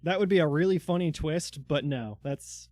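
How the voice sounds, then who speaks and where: Give me a slightly high-voiced man running a tabletop game, chatty and filler-heavy, with a dry, close sound. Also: normal speed, darkish tone, dry recording. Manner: loose, filler-heavy narration. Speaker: dungeon master.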